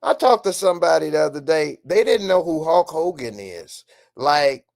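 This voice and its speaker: A man's voice: fairly high pitch, big pitch swings, normal speed, creaky. A man hosting a live stream, speaking in an emphatic, ranting way and answering viewer comments in casual commentary.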